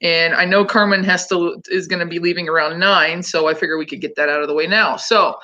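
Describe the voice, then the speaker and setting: A woman's voice: lowish voice, steady tone, fairly quick, pushed and bright, lo-fi sound. A woman hosting a casual livestream, chatting loosely with many ums and restarts. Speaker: host.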